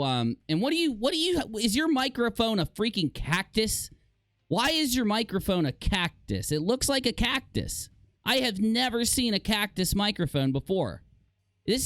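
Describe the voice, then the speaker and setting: A man's voice: high-pitched, moderate pace, dry recording. Guy streaming and joking with chat, sarcastic, voice jumps all over, dry close mic. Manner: sarcastic, animated, laughs at himself. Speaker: live streamer. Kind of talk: casual live-stream commentary.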